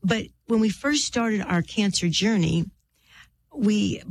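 A middle-aged woman, an author and interview guest, tells a personal faith story in an earnest, heartfelt way with drawn-out pauses and a preacherly lilt. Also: medium pitch, expressive, vocal fry, no room sound.

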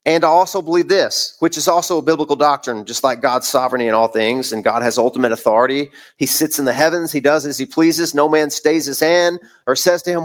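A male pastor preaches with earnest emphasis, repeating phrases for weight. His voice sits a bit higher than most men's. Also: moderate pace. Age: adult parent of several kids. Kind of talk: sermon.

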